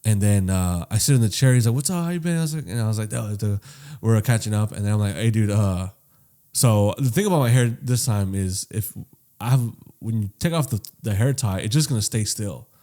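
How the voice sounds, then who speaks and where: A man co-hosting a casual podcast, telling a long story with lots of swearing, swinging between loud and quiet. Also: lowish voice, a little fast. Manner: profane, animated storytelling that swings loud and soft. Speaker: podcast co-host.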